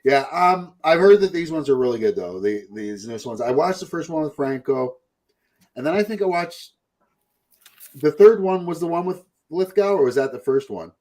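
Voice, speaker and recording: Lively-voiced man chatting casually. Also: on the high side, moderate pace. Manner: rambling, profane, puts on mocking voices. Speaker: podcast host. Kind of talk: casual chat.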